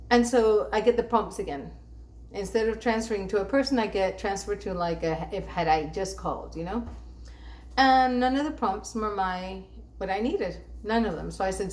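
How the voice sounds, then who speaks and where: A woman's voice: mid-range voice, darkish tone, slight background noise. A woman telling an exasperated story about being passed between customer service agents, acting out the quoted lines. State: sleep-deprived. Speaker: dissatisfied bank customer. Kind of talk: ranting vlog monologue.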